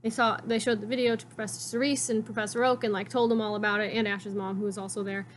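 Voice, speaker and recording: A woman's voice: mid-range voice, flat delivery, fast talker, slight background noise. A woman vlogger rambling casually, with many "like"s, as she recaps a cartoon. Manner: rambling, heavy use of "like".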